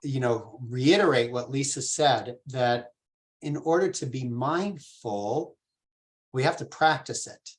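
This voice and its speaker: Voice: medium pitch, slow pace. Rabbi teaching a casual text class; patient, informal, asks the group questions. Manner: informal, with fillers and restarts. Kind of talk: conversational Torah class.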